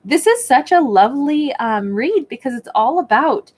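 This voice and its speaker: A woman's voice: high voice, big pitch swings, moderate pace, a little mellow. A woman giving a spoken tarot and oracle card reading at home, talking in a reflective, encouraging way with lots of fillers. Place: indoors at a table with her card decks.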